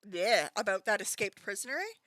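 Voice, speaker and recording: A woman doing a gruff, curt English uncle. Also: medium pitch, lively intonation, a little fast, bright, forceful tone, no room sound, pitched above the performer's own voice. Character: gruff stout middle-aged English uncle.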